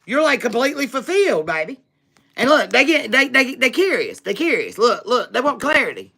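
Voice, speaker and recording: A woman's voice: a little high, big pitch swings, brisk, vocal fry, bright, forceful tone, slightly rough. A woman giving a live tarot reading, talking in a sassy, emphatic way straight to her viewers, with frequent laughs. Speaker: tarot reader.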